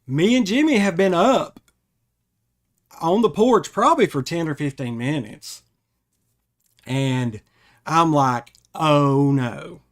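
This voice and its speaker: A man hosting a podcast, telling a funny personal story in a rambling, animated way and often correcting himself. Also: fairly high pitch, slow pace, long pauses. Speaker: podcast host. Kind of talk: casual storytelling.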